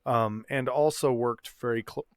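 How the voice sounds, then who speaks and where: A man's voice: medium pitch, steady tone, moderate pace, smooth, no room sound, studio quality. A man co-hosting a casual podcast chat, laughing often and hiccuping as he talks. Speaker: podcast co-host.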